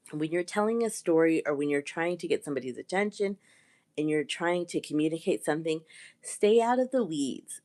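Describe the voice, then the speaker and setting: A woman's voice: deep voice, darkish tone. A woman with a sore throat giving a live-stream coaching talk, earnest and repeating her key points. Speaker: communication coach.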